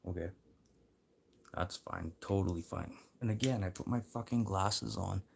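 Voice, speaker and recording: Very deep-voiced rambling livestreamer man. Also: moderate pace, vocal fry, slight background noise. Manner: rambling, profane, swinging between muttering and loud encouragement. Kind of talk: rambling casual livestream chat.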